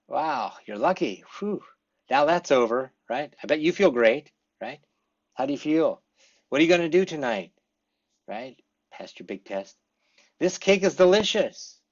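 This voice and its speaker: A man teaching English conversation to a class, acting out sample responses with lively changes of voice. He has lived in Korea for many years. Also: on the high side, lo-fi sound. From English-speaking foreigner living in Korea. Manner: lively, acts out example responses. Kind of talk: classroom lecture.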